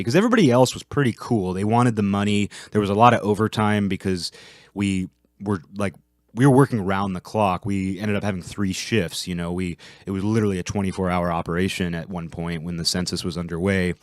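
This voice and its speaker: A man's voice: low-pitched, brisk, dry recording, clean studio sound. A man hosting a casual monologue, rambling with restarts and profane asides. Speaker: host.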